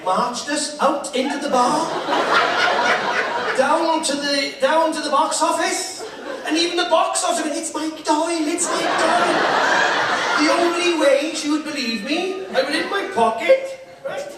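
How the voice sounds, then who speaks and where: A man's voice: extremely high pitch, measured pace, heavy reverb. Chatty man on stage. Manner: chatty, laughing, playful. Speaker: entertainer on stage. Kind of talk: live stage patter. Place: large theatre with audience. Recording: distant live theatre recording with crowd and noise.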